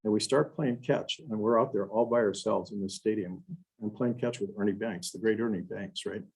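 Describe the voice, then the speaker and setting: An older man from Wisconsin giving a storytelling talk to a club, animated and full of restarts and asides. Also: fairly low pitch, moderate pace, creaky, husky, poor audio. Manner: animated storyteller, acts out quotes, frequent "you know" and restarts. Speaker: guest speaker.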